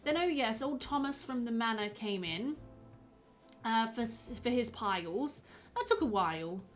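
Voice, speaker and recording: A woman's voice: fairly high pitch, lively intonation, unhurried, soft background music. A woman voicing a chatty, fussy male village pharmacist in a fairly plain voice. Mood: gossipy.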